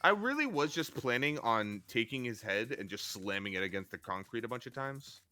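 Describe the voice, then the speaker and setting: A man's voice: medium pitch, sing-song, brisk, sharp tone, faint music behind. A man playing a tabletop game, thinking aloud as he looks up rules. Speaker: player.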